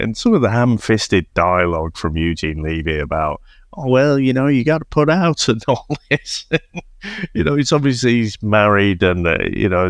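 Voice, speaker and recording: Low-voiced man, wry and rambling. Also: no echo, clean studio sound. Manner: wry, rambling, hesitant restarts. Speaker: podcast co-host. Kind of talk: casual film review chat.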